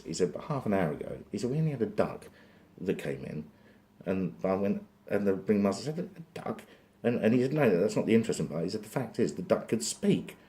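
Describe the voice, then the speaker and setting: A man's voice: sits low, dark tone, slight background noise. A man from England telling a long shaggy-dog joke in a meandering way, with self-interrupting asides. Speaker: joke teller.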